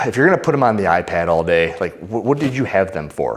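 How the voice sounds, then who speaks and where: A young man, a fitness vlogger, telling a story in a casual, animated way and loudly acting out what people said. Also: sits low, fairly quick. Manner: animated, acts out quotes loudly. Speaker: fitness YouTuber.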